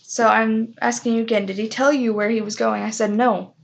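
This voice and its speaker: A woman's voice: a little high, flat delivery, fairly quick, vocal fry, muffled recording. A young woman casually telling a personal story, self-mocking and acting out what others said. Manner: chatty, self-mocking, acts out quoted voices.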